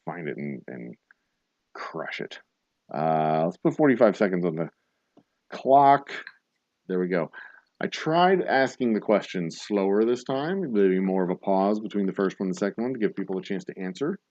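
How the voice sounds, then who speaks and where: A man with a low voice hosts a bar trivia stream. He reads each question slowly, repeats it, and jokes and swears casually in between. His pitch moves around a lot, and the sound is dry and a little dull. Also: animated, a little mellow, dry recording. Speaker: trivia host. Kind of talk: livestream trivia hosting.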